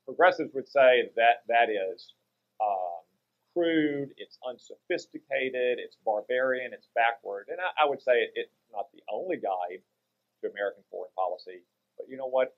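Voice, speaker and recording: A man, a senator guesting on a talk radio show, speaking in a measured, lecturing way. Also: medium pitch, animated, creaky, narrow, tinny audio. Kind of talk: political interview.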